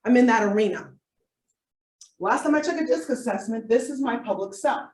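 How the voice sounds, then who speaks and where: A woman giving a live workshop as a coach, animated and playful, with comic asides to her audience. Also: on the high side, normal speed. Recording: echoey room, distant mic.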